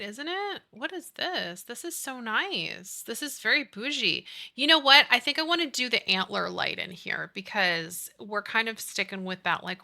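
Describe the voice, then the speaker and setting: A chatty woman streamer with a very bright, tense edge to her voice. She talks casually and upbeat while she plays, reads her chat and answers it. Her pitch sits in a middle range for a woman. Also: vocal fry. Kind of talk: casual chat while playing a building game.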